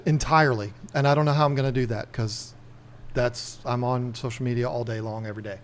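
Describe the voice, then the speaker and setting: A man hosting a casual livestream chat, rambling easily from one thing to the next. He talks at an ordinary middle pitch and speaks straight to the camera. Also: steady tone, a little fast, background noise. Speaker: livestream host.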